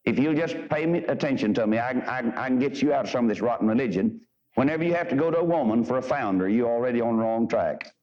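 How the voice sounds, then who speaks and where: A man's voice: medium pitch, a little mellow. A man preaching a fervent revival sermon in a church, swinging between quoted scripture and blunt, emphatic talk. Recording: dull lo-fi archival sermon recording.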